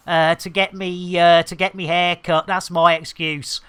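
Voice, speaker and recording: A middle-aged man with a British accent rambles through a live game stream, cheeky and chatty. His voice is bright and forward. Bursts of excitement break up the banter. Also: sits high, moderate pace, hardly any pauses, smooth. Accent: British English. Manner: chatty, jokey, excitable exclamations. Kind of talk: casual live-stream chat.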